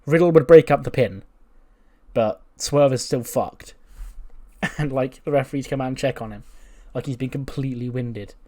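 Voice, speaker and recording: A man's voice: medium pitch, normal speed, dark tone. A man hosting a game channel, casually recapping simulated wrestling matches with blunt, swearing commentary.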